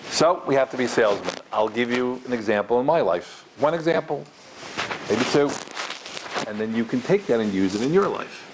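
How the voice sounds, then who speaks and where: Middle-aged male lecturer, mid-range voice, animated live storytelling to a room, jumps into character voices. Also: moderate pace, background noise. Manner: animated, acts out the people in his stories with big pitch jumps. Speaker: rabbi giving a lecture. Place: large room in front of an audience.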